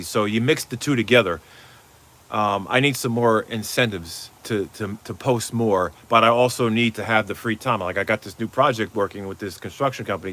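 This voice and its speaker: Rambling, bright-voiced man on a live stream. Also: lowish voice. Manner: rambling, swears freely, reads viewer comments. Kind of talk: casual live stream chat. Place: Florida, outdoors.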